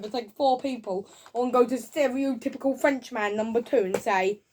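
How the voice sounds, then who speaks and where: A woman with a fairly high voice runs through a casual video review, talking in an excited, rambling way. She keeps restarting her sentences and tumbling from one scene to the next. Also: moderate pace, few pauses. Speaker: film reviewer.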